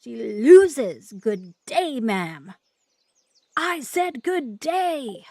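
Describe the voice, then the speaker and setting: A woman's voice: sits high, a little slow, darkish tone. A woman voicing an eccentric, indignant male candy-factory owner, dismissing people haughtily.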